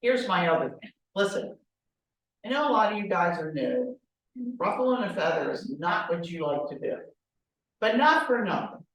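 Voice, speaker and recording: Animated woman teaching in an echoey room. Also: fairly low pitch, moderate pace, pauses often, recorded from a distance. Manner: direct, animated, with rhetorical questions. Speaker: real estate trainer. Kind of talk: classroom training talk.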